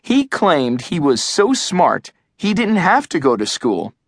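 A male audiobook narrator reads in a measured, expressive way. He takes his time and lets his pitch rise and fall freely. The close mic gives a dry, roomless sound. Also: slightly rough, no room sound. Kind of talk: scripted narration. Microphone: close studio mic.

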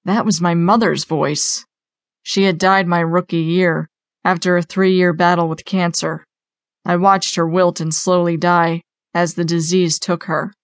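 A woman reading a first-person horror audiobook in a steady, matter-of-fact way on a close studio mic. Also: on the low side, unhurried, dry recording. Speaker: audiobook narrator.

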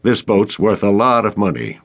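A man's voice: fairly low pitch, big pitch swings, normal speed, vocal fry, a bit bright, husky, exaggerated voice. A man voicing an irritable middle-aged boat captain who barks orders. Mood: bossy. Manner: barking, bossy.

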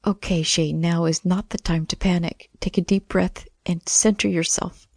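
A woman's voice: lowish voice, steady tone, moderate pace, gravelly, a little mellow, husky, no echo, clean studio sound. A woman reading a first-person audiobook narration in a wry, sardonic manner.

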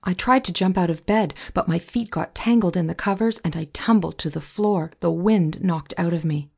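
A woman reading a novel aloud in measured, scripted first-person narration. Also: lowish voice, gravelly, a little mellow, breathy edge. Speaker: audiobook narrator.

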